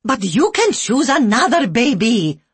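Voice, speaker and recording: A woman's voice: on the high side, big pitch swings, a little slow, husky, no room sound, pitched above the performer's own voice, exaggerated voice. A woman voicing a large, brusque female orphanage care worker who speaks curt, broken English.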